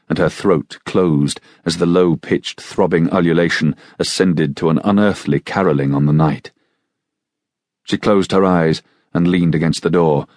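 A man narrating an audiobook in a measured, steady storytelling manner. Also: rumbling low, no room sound, clean studio sound. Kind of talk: scripted narration.

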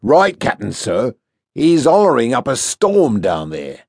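A man's voice: medium pitch, huge pitch swings, unhurried, a little mellow, slightly rough, no echo, studio quality, pitched above the performer's own voice, full character voice. Man doing a keyed-up, deferential sailor crewman. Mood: eager.

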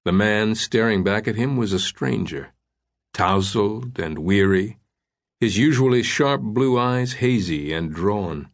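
A man with a low voice reads an audiobook thriller in a measured, suspenseful manner. His delivery is scripted and even. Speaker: audiobook narrator.

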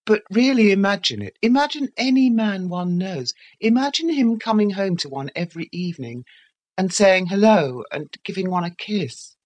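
A woman's voice: medium pitch, animated, normal speed, darkish tone, voice pushed up, natural voice. A woman voicing a thoughtful, hesitant young schoolteacher in an audiobook reading. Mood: earnest. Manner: hesitant and searching.

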